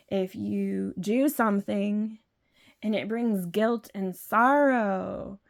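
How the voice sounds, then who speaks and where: A woman speaks slowly in a gravelly, creaky voice, thinking aloud in an unscripted monologue to her viewers. She rambles and restarts often and fills gaps with ums and likes as she works through her opinions. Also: medium pitch. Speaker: video host.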